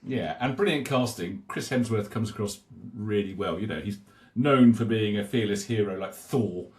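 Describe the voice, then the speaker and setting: A British man co-hosting a podcast, relaxed and rambling as he retells an advert. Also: on the low side, moderate pace. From Britain. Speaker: podcast co-host. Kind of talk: casual marketing discussion.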